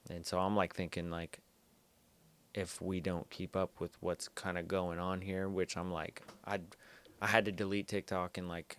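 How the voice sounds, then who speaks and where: A young man with a very low voice hosts a podcast from a small studio. He talks loosely, full of "like" and "dude," swearing now and then and laughing along with his friend. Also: little pitch movement, normal speed, a bit bright, smooth. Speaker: podcast host. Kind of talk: casual chat.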